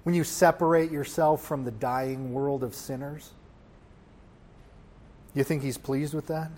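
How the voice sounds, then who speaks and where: A man preaching a sermon, swinging from hushed lines to loud ones and putting rhetorical questions to the congregation. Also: mid-range voice, fairly even intonation, measured pace. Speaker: pastor.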